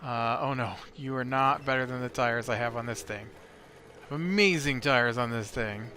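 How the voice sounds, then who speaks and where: A man's voice: medium pitch, normal speed, pushed and bright. A man hosting a let's play, talking casually over his gameplay and rambling with lots of filler words. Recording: clear background noise.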